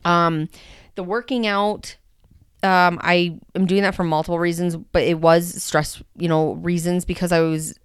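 A woman's voice: fairly low pitch, steady tone, unhurried, smooth, no echo, studio quality. A woman in young adulthood, hosting her own podcast and chatting candidly with lots of fillers. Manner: rambling and candid, many fillers. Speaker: podcast host. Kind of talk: casual personal podcast talk.

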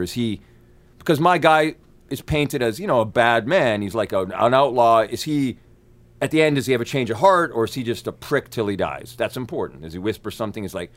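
A man, an actor, telling stories as an interview guest, energetic and profane, acting out quoted lines with big jumps in his voice. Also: medium pitch. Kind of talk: animated storytelling.

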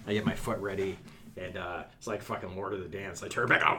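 A middle-aged man from Texas telling stories in a casual chat, swearing freely and getting loud as the anecdote builds. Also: deep voice, fast talker, crowd noise. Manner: animated storyteller, swears a lot, gets loud in anecdotes. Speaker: podcast co-host.

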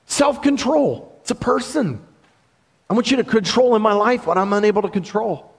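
A man preaching a sermon, talking in an animated, conversational storytelling way with laughs. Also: sits high, moderate pace, slightly rough.

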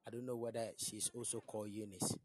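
A man's voice: on the low side, level tone, fast talker, darkish tone. A man preaching a fervent prophetic sermon while losing his voice, blessing people one by one by name. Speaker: pastor.

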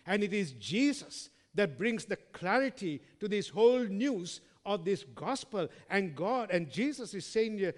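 Preacher with a high voice in a reverberant hall. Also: male voice, sing-song, a little slow. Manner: addresses listeners as friends, asks rhetorical questions; swings between loud emphasis and quiet trailing words. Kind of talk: sermon with scripture reading.

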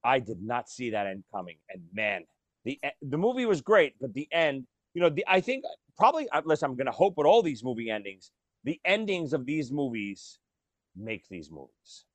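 A man co-hosting a podcast, talking about movies in a casual, animated storytelling way. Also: medium pitch, normal speed, no echo. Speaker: podcast co-host.

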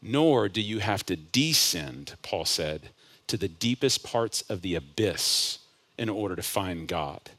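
Impassioned low-voiced pastor preaching. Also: male voice, expressive, slow pace. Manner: builds to loud impassioned peaks, then drops to hushed asides. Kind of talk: sermon.

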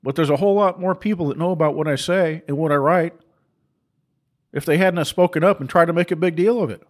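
A middle-aged man gives a forceful, preachy, impassioned monologue, breaking into laughing asides and mocking voices. His pitch is a little high and he talks fast.

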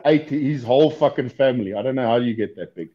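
A knifemaker joins a podcast as a guest over a video call, chatting casually, swearing and joking. He speaks fast in a medium-pitched voice, and the call audio is dull and lo-fi.

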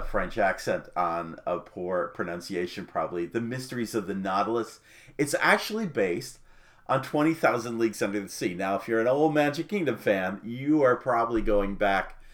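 A man hosting a podcast, talking casually and enthusiastically, with many pauses, ums and restarts. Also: mid-range voice. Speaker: podcast host.

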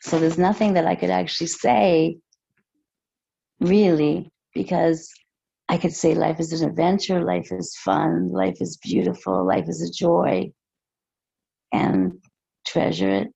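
A woman speaking as a podcast guest, slow and reflective, with hesitant pauses. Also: lowish voice, vocal fry, mellow, slightly rough, no echo. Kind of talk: casual interview chat. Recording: dull muffled lo-fi sound.

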